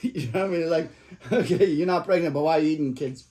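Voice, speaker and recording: A middle-aged man with a slightly high voice tells jokey, rambling stories over dinner. He drops casual profanity and never hurries to the point. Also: fast talker, dark tone, a little hiss or hum. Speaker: father telling stories to his family. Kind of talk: casual storytelling at the dinner table.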